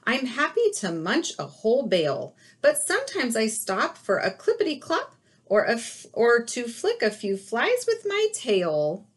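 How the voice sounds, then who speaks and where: A woman's voice: on the high side, huge pitch swings, a little slow, husky, pitched above the performer's own voice, full character voice. A woman doing a cheerful, hungry horse.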